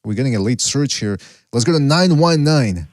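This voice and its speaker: A man's voice: medium pitch, animated, moderate pace, darkish tone, dry recording, clean studio sound. Male podcast host taking calls. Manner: teasing, laughs often. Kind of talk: call-in show hosting.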